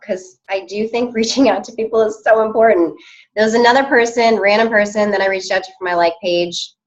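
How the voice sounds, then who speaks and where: A woman's voice: mid-range voice, lo-fi sound. A woman coaching her team on a call, upbeat and chatty with many fillers.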